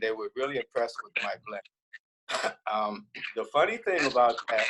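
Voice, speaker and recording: A man, a singer in a vocal group, telling a lively story on a video call. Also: medium pitch, moderate pace, noisy background. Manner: animated, laughing storyteller.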